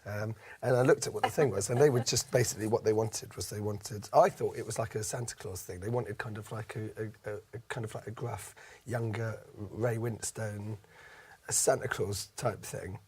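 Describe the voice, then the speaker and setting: A man's voice: on the low side, fairly even intonation, moderate pace, a little mellow, a little hiss or hum. A man telling a comic story in casual chat, rambling with many fillers and restarts, swearing and laughing along. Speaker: comedian guest.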